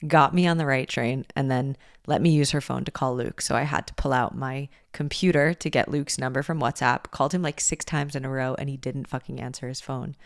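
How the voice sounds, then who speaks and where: A young woman hosting a podcast, telling a personal story in a candid, animated way and swearing freely. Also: very deep voice, brisk, hardly any pauses, dry recording, studio quality. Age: young adult. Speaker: podcast host. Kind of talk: casual storytelling monologue.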